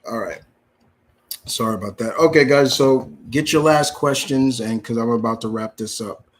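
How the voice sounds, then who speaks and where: Young guy hosting a live question stream, mid-pitched, reads questions out, answers blunt and easygoing. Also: moderate pace, a little hiss or hum. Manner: reads viewer questions aloud then answers casually and bluntly. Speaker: host answering viewer questions. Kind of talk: live Q&A chat.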